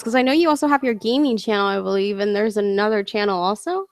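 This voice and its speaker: A woman's voice: medium pitch, animated, quick pace, dry recording. A woman interviewing a guest in a casual online chat, asking curious, encouraging questions with some fillers.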